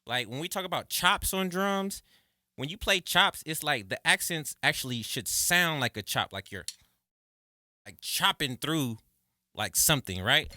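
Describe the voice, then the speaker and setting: A man teaching drums in a casual video lesson, counting beats and calling stickings loudly, then chatting expressively. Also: on the high side, unhurried, dry recording, studio quality. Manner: chatty, expressive, says okay and right often. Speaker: drum teacher.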